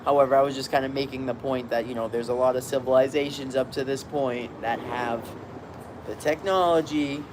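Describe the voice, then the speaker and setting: A man's voice: medium pitch, steady tone, a little fast, noisy background. A man hosting a rambling, upbeat live-stream chat, lying in a hammock on a balcony outdoors. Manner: rambling, upbeat, greets viewers by name.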